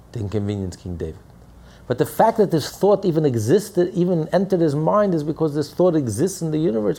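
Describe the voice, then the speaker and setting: Gravelly, animated male rabbi preaching. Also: mid-range voice. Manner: animated, acts out quoted voices, rhetorical questions. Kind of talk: Torah class sermon.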